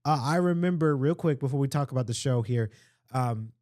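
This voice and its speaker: A man's voice: medium pitch, brisk, warm tone, dry recording, studio quality. A man hosting a casual solo podcast, rambling and chatty, with lots of fillers and restarts. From Atlanta area, US. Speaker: podcast host.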